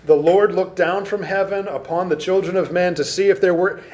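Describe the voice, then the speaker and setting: A man teaching an adult Sunday school class, reading scripture aloud and slowing down to stress key words. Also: sits high, fairly even intonation, darkish tone. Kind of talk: Bible lesson to an adult class. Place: church classroom.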